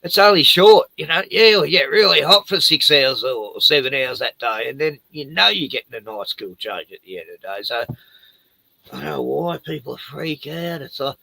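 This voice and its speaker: A man's voice: on the high side, expressive, normal speed, vocal fry, sharp tone, no echo, poor audio. An older man hosting a livestream, rambling casually, laughing often and swearing freely. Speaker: livestream host. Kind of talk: casual chat.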